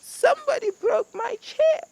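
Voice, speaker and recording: A man voicing a tiny, whiny baby bear cub in a very high, squeaky voice while telling a storybook tale. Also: unhurried, darkish tone.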